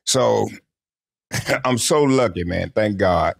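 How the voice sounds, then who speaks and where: An older man, an interview guest, telling lively stories from his career in a casual chat and acting out the quotes. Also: fairly low pitch, slow pace, vocal fry. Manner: lively anecdotal storyteller who acts out quotes.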